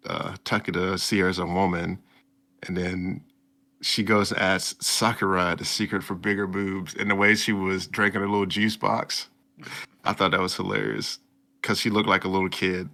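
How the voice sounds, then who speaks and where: Podcast co-host, man, gravelly low voice, bright edge, rambling recap. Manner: rambling, acts out quotes in a high voice. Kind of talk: casual anime recap chat.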